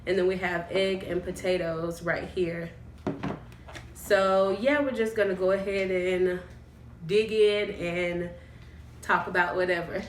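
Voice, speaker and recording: A woman vlogger chatting casually with her cousin while eating, telling stories in a relaxed way. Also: fairly low pitch, measured pace. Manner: chatty, storytelling, laughs easily. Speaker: mukbang vlogger. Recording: roomy, mic far off.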